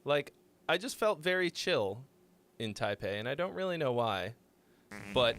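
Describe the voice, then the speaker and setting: A man's voice: mid-range voice, sing-song, unhurried, a bit bright, no echo. A young man hosting a live music-critique stream, chatting loosely, rambling and swearing freely. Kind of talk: casual live-stream chat.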